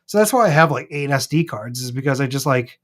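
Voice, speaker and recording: A man with a Minnesota accent chatting casually as co-host of a live stream, rambling and animated. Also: mid-range voice, fast talker. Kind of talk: casual chat. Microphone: streaming mic.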